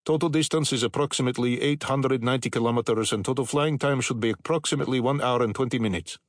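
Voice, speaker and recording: A man's voice: mid-range voice, fast talker, no echo, studio quality, close to an everyday voice. A man voicing a formal male pilot with a Middle European accent, making cabin announcements.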